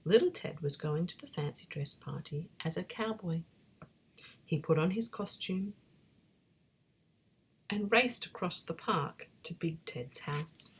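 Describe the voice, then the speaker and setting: A woman reading a bedtime story in a soft, breathy whisper. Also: fairly low pitch, expressive, a little slow, pauses often.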